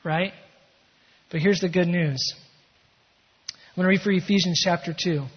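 Husky-voiced male pastor preaching in a hall. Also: high-pitched, normal speed, long pauses. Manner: emphatic preaching with shifts between energy and hushed calm. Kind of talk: sermon. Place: church sanctuary. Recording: dull sound in a reverberant hall.

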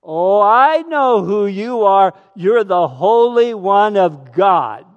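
Tormented male evil spirit, loud drawn-out cries, higher voice, long reverb , done by a man. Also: lively intonation, clean tone, muffled recording. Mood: defiant.

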